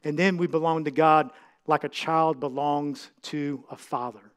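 A middle-aged man with a high-pitched voice preaches a heartfelt sermon. He pauses, repeats words and restarts his thoughts as he speaks. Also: steady tone, clean tone. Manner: heartfelt, halting with many restarts and fillers. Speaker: pastor.

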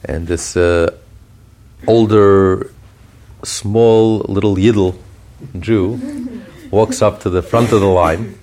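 A man giving a podcast Torah class, telling stories in an animated way with frequent restarts and chuckles. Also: lowish voice, slow, long pauses. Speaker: Torah teacher.

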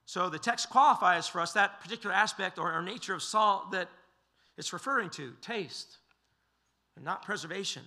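Male pastor, slightly high voice, sermon delivery, measured and emphatic. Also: expressive, pushed and bright. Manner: measured, emphatic preaching with occasional fillers. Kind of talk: expository sermon.

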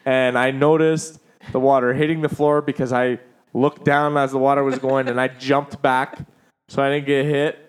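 A man's voice: mid-range voice, flat delivery, normal speed, smooth. A man co-hosting a casual podcast chat, telling a story with lots of laughter, swearing and acted-out voices. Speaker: podcast co-host.

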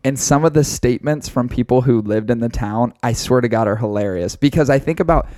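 A man co-hosting a podcast, telling a story in casual, profane, animated chat. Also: mid-range voice, a little fast, no echo, studio quality. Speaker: podcast co-host.

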